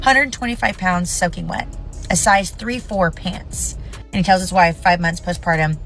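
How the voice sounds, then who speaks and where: A woman's voice: lowish voice, normal speed, fairly bright tone, soft background music. Blunt, indignant woman in her thirties. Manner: blunt, indignant, swears freely. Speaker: mother sharing her story. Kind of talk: emotional video rant to camera.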